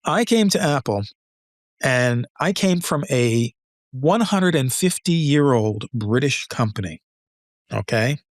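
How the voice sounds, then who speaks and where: Animated older male storyteller, dry sound. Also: medium pitch, takes it slowly, no room sound. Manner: animated storyteller, acts out dialogue, laughs often. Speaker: guest, retired engineer. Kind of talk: conversational storytelling.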